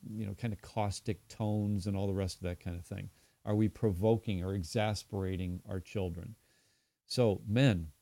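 A middle-aged man giving a devotional Bible teaching, earnest and unhurried, with frequent fillers and restarts. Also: lowish voice, warm tone, dry recording.

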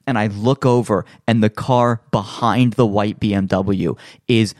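Rambling, chatty man with a lower voice. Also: steady tone, measured pace, hardly any pauses, a little mellow, no echo, studio quality. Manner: rambling storyteller, heavy on fillers and restarts; acts out quoted voices in his stories. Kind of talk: casual chat.

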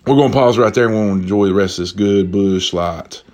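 A young man telling a story to his viewers, profane and slangy, ranting in an animated way as he drinks. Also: on the low side, fairly quick.

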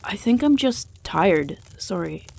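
A woman's voice: mid-range voice, expressive, slow, vocal fry, darkish tone, full character voice. A woman reading the lines of a polite, slightly awkward young man who is earnest and apologetic. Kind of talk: audiobook character reading.

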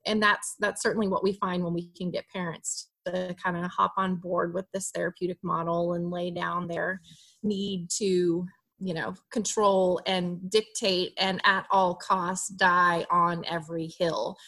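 A woman with a bright, forceful voice explains therapeutic parenting in a relaxed podcast interview. She talks expressively and slips into a soft, gentle tone when she acts out what a parent might say to a child. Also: lowish voice, unhurried. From Alabama, USA. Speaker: guest therapist.

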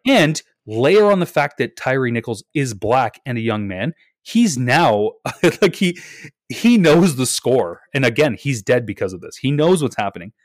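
A man's voice: medium pitch, a little slow, no echo, clean studio sound. A young man co-hosting a podcast, telling the story animatedly with a lot of swearing, hedging and restarting. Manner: animated retelling, swears freely, hedges and restarts. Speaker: podcast co-host. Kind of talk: casual podcast chat.

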